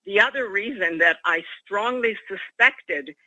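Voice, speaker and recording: A woman's voice: mid-range voice, measured pace, bright, forceful tone, no echo. A woman from Canada calling in to a talk radio show, speaking in an earnest, formal way over a phone line. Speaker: caller.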